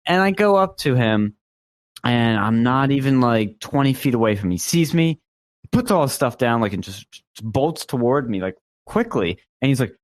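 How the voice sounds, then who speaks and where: A man's voice: medium pitch, animated, normal speed, no room sound. A young man co-hosting a casual talk show, telling a long story in a rambling way with many fillers and restarts. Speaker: podcast co-host.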